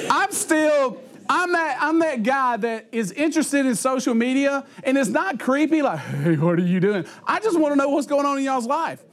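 High, lively-voiced man telling a funny story. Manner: laughs often mid-sentence, animated, acts out quotes. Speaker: youth pastor. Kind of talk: humorous storytelling talk to teenagers.

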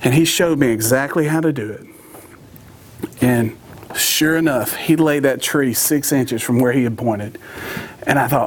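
A man's voice: mid-range voice, normal speed, breathy edge. A middle-aged man, preaching a sermon in a humorous, folksy storytelling manner.

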